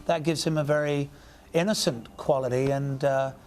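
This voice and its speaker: This Englishman has a mid-range, darkish voice with a steady tone and moderate pace, with slight background noise. As an actor guest in an interview, he reflects thoughtfully on his acting work, often searching for words.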